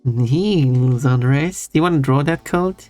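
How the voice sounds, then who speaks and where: A man's voice: mid-range voice, measured pace. A man streaming live, chatting casually and teasingly with his chat and chuckling often. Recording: faint music under voice. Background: soft background music.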